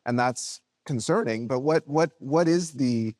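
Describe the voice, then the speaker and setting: A man moderating a panel, halting and apologetic as he rephrases a question. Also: medium pitch, darkish tone, no echo, clean studio sound. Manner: halting and apologetic, with many restarts. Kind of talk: panel discussion.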